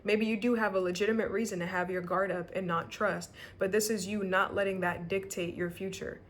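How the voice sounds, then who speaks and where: A woman's voice: medium pitch, steady tone, a little fast, slight background noise. A woman giving a casual tarot reading to camera, emotional and rambling, swearing freely and often near tears. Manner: rambling with many restarts. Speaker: tarot reader.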